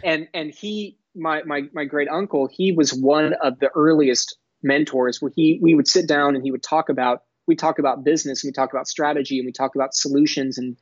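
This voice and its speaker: A man's voice: a little high, steady tone, dry recording. Earnest young man from Texas, articulate podcast guest; dry, slightly dull audio. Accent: none, mostly neutral American with a faint Texas drawl at times. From Dallas, Texas. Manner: articulate, earnest, measured with frequent restarts. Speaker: guest, entrepreneur. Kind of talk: podcast interview.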